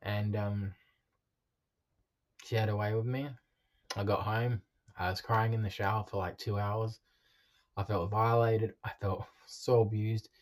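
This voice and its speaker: A man telling his own life story in a halting, confessional way, with frequent ums and restarts. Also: lowish voice, flat delivery.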